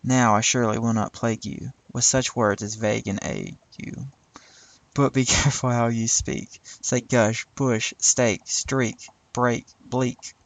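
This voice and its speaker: Man reading a poem, slow, gravelly voice, dry close sound, trips over tricky words. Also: medium pitch, fairly even intonation, no echo, poor audio. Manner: slow and deliberate, stumbling and laughing at tricky words. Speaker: reader.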